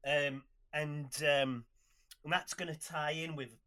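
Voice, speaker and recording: A man's voice: on the high side, flat delivery, slow pace, sharp tone, smooth. A man co-hosting a comedy podcast, rambling and self-deprecating in casual chat. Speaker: podcast co-host.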